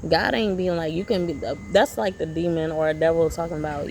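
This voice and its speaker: Woman vlogger, gravelly creaky voice, mid pitch, rambling and preachy, faint background noise. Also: steady tone, a little fast, few pauses, darkish tone, poor audio. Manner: rambling, preachy, repeats herself. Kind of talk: casual motivational monologue.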